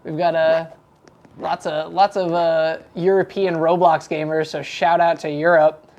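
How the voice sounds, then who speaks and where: Chatty upbeat livestream host. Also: male voice, a little high, level tone, unhurried, a little mellow, highs cut off. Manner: upbeat, chatty, laughs easily. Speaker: show host. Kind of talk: casual livestream chat. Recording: faint background noise.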